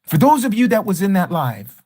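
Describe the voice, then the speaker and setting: A man's voice: sits high, big pitch swings, moderate pace, dark tone, dry recording, studio quality. A man teaching scripture on a livestream, speaking emphatically and rhetorically, repeating key phrases and challenging a rival teacher. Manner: combative toward a rival teacher. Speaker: Bible study teacher.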